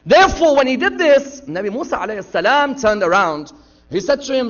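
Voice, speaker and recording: A man's voice: very high-pitched, sing-song, fairly quick, a bit bright. A man preaching a sermon from the pulpit, retelling stories dramatically and acting out the dialogue. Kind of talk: sermon storytelling. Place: lecture hall pulpit. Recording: dull lo-fi sound.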